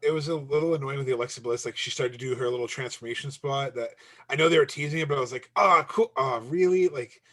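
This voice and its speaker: A man co-hosting a podcast, chatting in a quick, animated way and laughing often. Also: medium pitch. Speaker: podcast co-host. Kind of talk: casual chat.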